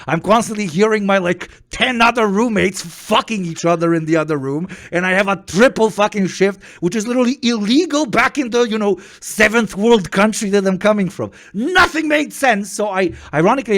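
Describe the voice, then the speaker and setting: A man from Europe, hosting a casual chat and telling stories in an animated, profane way. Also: high-pitched, brisk, few pauses. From Eastern Europe. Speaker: stream host.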